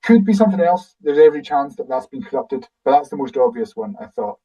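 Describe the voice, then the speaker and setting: Scottish man, gravelly, distant dull audio. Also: on the high side, expressive, fast talker, mellow. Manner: thinks aloud, answers audience questions. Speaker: guide presenting a webinar. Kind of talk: casual explanatory webinar Q&A.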